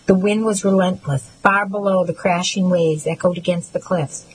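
A woman reading a first-person novel aloud in a measured, earnest and reflective way. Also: fairly low pitch, fairly even intonation, breathy edge, rough recording. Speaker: audiobook narrator.

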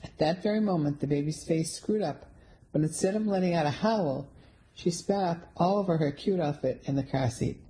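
A woman reading a first-person mystery novel aloud in a wry, even storytelling manner. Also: lowish voice, moderate pace, poor audio. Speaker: audiobook narrator. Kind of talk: first-person audiobook narration.

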